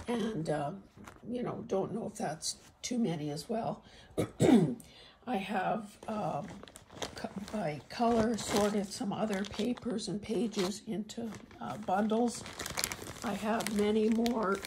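Woman, croaky hoarse voice, craft vlog host, halting, frequent throat clearing, unhurried. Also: mid-range voice. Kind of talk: casual show-and-tell vlog. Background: faint traffic noise.

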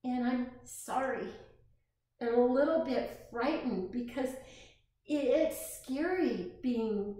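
A woman reading a picture book aloud to preschoolers, gentle and slow, often asking the children questions, heard in an echoey room. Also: a little high. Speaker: children's storyteller.

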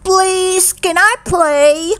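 A woman's voice: extremely high pitch, sing-song, a little slow, creaky, voice pushed up, full character voice. A woman voicing a brave little female dinosaur, earnest and eager, in a children's storybook read-aloud. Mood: pleading.

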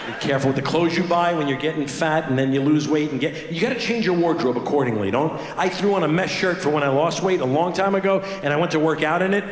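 A male comedian doing self-deprecating stand-up on stage, halting and restarting his sentences. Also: on the high side, slight background noise. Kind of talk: stand-up storytelling. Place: large comedy venue on stage. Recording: echoey venue, loud crowd laughter.

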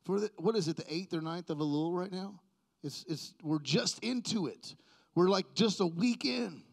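A man's voice: high-pitched, moderate pace, gravelly. A middle-aged male pastor preaching a sermon in a church, conversational and self-deprecating, joking with the congregation.

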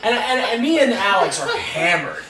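Through a roomy, distant mic with faint noise comes a young guest songwriter's high voice, swinging widely in pitch at a normal speed. Chatting casually, he rambles through a profane story about a gig, swearing and laughing.

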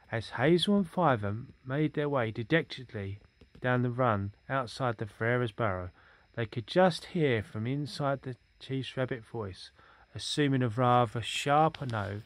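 A man's voice: mid-range voice, measured pace, no echo. A man reading a storybook aloud in a casual manner, with fillers and small slips. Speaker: reader.

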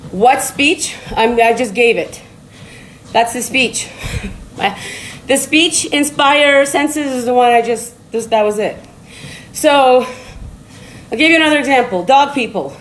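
High-voiced woman rambling on a treadmill. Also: animated, takes it slowly, long pauses, slight background noise, rough recording. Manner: rambling and blunt, with frequent laughs and swearing. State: walking on a treadmill while talking. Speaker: TikTok live streamer. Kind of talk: casual motivational live-stream talk. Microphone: phone live stream.

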